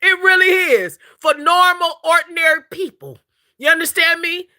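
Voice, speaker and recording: High, bright-voiced woman preaching emphatically. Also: steady tone, moderate pace. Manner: emphatic, repetitive, laughs often, addresses the audience as "collective". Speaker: spiritual livestream host. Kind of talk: casual spiritual livestream talk.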